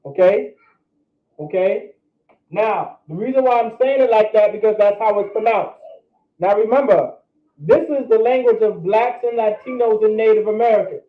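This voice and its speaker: A man teaching a classroom pronunciation lesson, slowly repeating syllables again and again as he drills them. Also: high-pitched. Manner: slow, repetitive drilling of syllables. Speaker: language teacher. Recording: echoey room on a tinny lo-fi recording.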